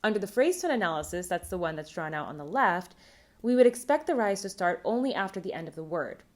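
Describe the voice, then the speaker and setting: A woman presenting a recorded academic conference talk, reading a prepared script in a measured, explanatory way. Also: fairly low pitch, expressive.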